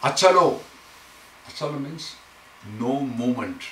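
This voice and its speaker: A man's voice: medium pitch, lively intonation, a bit bright. A man leads a scripture class, explaining Sanskrit verses word by word. He sounds distant in an echoey room. A faint hiss runs underneath. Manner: explains Sanskrit verses slowly, chanting lines for students to repeat. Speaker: teacher. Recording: echoey room, mic far off, faint noise.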